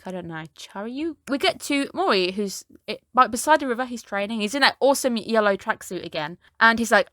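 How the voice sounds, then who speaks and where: A woman recapping an anime episode in a chatty, animated way, often acting out the characters' lines in lively voices. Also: medium pitch, a little fast, few pauses, no room sound, clean studio sound. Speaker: anime reviewer.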